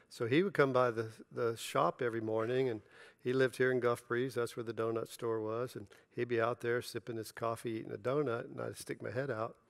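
A man's voice: medium pitch, vocal fry, dry recording. A middle-aged man preaching a sermon as pastor, telling personal stories with animation and acting out the dialogue. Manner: storytelling, animated, acts out dialogue with laughter.

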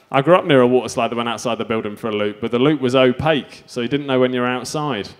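A man's voice: medium pitch, steady tone, fast. A man doing a stand-up set, delivering self-mocking absurd one-liners. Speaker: stand-up comedian.

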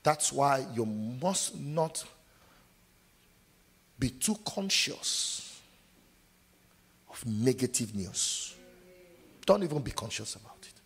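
Husky-voiced preacher man in a reverberant hall. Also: medium pitch, animated, slow pace, pauses often. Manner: call-and-response preaching, asks the congregation to finish verses; acts out scenes in loud sudden shouts. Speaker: pastor. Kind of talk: sermon.

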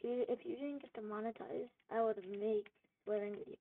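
A woman giving gameplay commentary, frustrated, swearing and yelling at the game. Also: fairly high pitch, fairly even intonation, a little fast. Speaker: gamer. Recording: tinny phone-like audio with faint noise.

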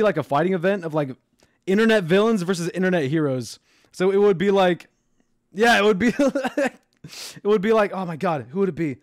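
A young man streaming, chatting casually to his viewers, excitable and animated, jumping from loud squeals down to quiet mumbles. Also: high-pitched, no echo, clean studio sound. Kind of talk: casual livestream commentary.

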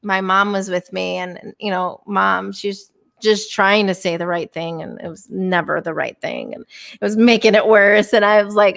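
A woman's voice: mid-range voice, fairly even intonation, moderate pace, gravelly, a bit bright. Candid woman telling a personal story. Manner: candid, emotional storytelling with many fillers and restarts. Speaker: guest, professional bowler. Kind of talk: casual podcast interview storytelling.

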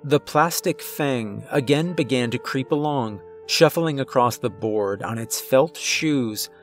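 A man reading a scripted first-person horror story in a measured, suspenseful way. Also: medium pitch, faint music behind.

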